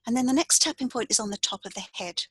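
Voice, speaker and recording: A woman coach leading a calm, step-by-step tapping demonstration, saying the tapping phrases aloud as she explains each point. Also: on the high side, quick pace, husky, dry recording, rough recording. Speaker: coach and tapping practitioner, podcast guest.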